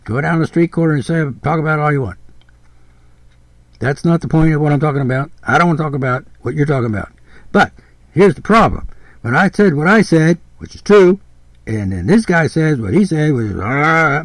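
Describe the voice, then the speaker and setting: A man's voice: a little high, expressive, fairly quick, dry recording. Blunt, rambling older man. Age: 70s. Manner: blunt, repetitive, exasperated, swears freely. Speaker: podcast host. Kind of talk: rambling podcast monologue.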